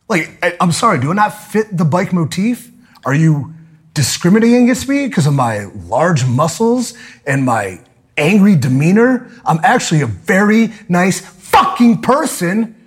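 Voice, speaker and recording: Husky man ranting with lively pitch. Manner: angry, swearing, loud outbursts. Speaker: podcast guest telling a story. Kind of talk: profane comedic rant.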